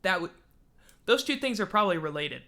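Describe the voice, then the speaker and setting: A man's voice: sits high, animated, brisk, bright, forceful tone. A man hosting a casual sports livestream, rambling and self-mocking, yawning now and then as he talks. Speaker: podcast host.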